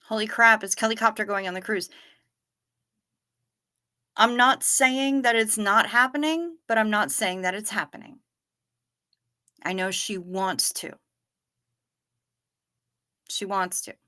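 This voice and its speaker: Woman livestream host, chatty and bright, answers viewer comments as they come in. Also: mid-range voice, a little slow, pauses often. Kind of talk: casual chat reading viewer comments.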